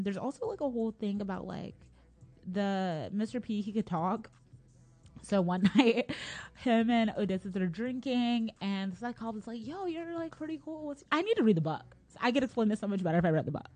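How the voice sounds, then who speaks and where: A woman's voice: mid-range voice, a little mellow. A young woman casually retelling a story in a rambling, slangy way, full of fillers and laughs.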